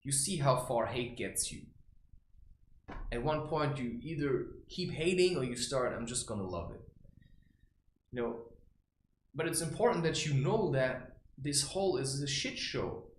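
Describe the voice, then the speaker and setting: A man's voice: medium pitch, lively intonation, a little slow, a little hiss or hum. A man giving a rambling spiritual monologue, blunt and profane, often tossing in "right?" and "you know". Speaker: creator sharing spiritual advice. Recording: roomy echo with faint ambience.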